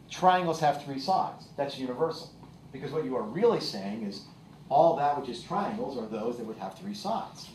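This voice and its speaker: A man's voice: on the high side, a little hiss or hum. A male teacher giving a classroom lecture, explaining with examples and often checking in with "okay?". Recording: echoey classroom, voice from far off.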